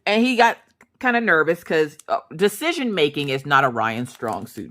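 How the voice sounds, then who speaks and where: A woman's voice: low-pitched, sing-song, moderate pace, fairly bright tone. A woman vlogger telling a story in casual chat, chatty and full of "like", often laughing.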